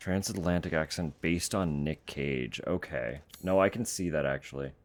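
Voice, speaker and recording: A man's voice: extremely low pitch, moderate pace. A man streaming a video game, chatting casually in a rambling, giggly way and often apologizing.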